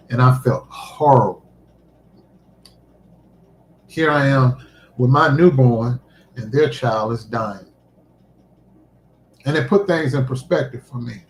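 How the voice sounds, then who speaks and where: A man's voice: medium pitch, a little hiss or hum. Man telling an emotional personal story, roomy echo. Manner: emotional, halting storytelling with restarts. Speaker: livestream host. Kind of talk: personal testimony livestream.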